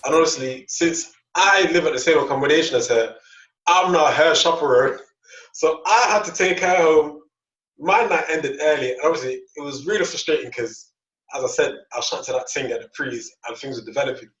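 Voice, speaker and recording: A man's voice: fairly high pitch, fairly quick, a bit bright. Young man telling a rambling story, echoey. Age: young adult. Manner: rambling, repeats words, acts out dialogue. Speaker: podcast co-host. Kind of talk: casual storytelling chat. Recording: echoey, distant, dull lo-fi mic.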